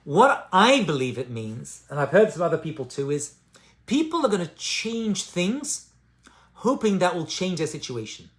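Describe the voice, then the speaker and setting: A man's voice: high voice, big pitch swings, moderate pace. A man teaching about addiction recovery and spiritual growth in an informal, conversational way. He repeats his key lines for emphasis and often checks in with "right?". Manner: conversational, with frequent "right?" and "you know"; emphatic repetition of key phrases.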